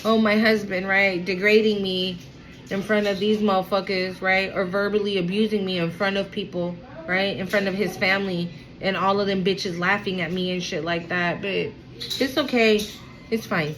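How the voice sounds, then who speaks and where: A tarot card reader gives a casual reading to an online audience, speaking bluntly, profanely and emphatically. Her voice is medium-pitched and a bit bright, with fairly even intonation at a normal speed. The low-quality recording has a little hiss or hum.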